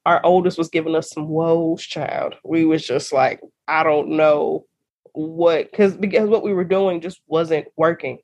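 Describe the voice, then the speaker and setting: A woman in her thirties hosting a faith podcast, talking in an animated, casual way and laughing often. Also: low voice, moderate pace, hardly any pauses. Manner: animated, laughs often, uses y'all and girl. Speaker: podcast host. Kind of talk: casual chat.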